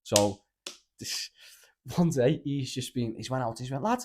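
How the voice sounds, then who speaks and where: A man's voice: mid-range voice, animated, measured pace, darkish tone. A man with a Liverpool accent hosting a casual podcast, telling rambling, sweary stories and saying "lad" constantly. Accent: Liverpool (Scouse). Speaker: podcast host. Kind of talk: casual chat, storytelling.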